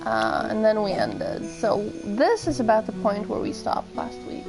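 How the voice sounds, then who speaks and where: A woman's voice: mid-range voice, wildly swooping pitch, measured pace, creaky, music in the background, poor audio. A woman streaming a game, chatting and musing aloud in casual commentary. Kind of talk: casual let's-play commentary.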